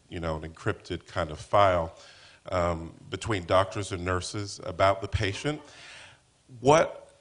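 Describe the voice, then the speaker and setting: A man, a physician, asking an earnest, long-winded question from the audience. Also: on the low side.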